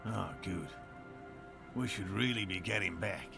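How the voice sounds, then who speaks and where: An actor playing a dry, sarcastic, learned middle-aged cryptozoologist in a video game. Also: male voice, on the low side, a little slow, creaky, bright, forceful tone, full character voice. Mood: wry. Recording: game audio with music behind.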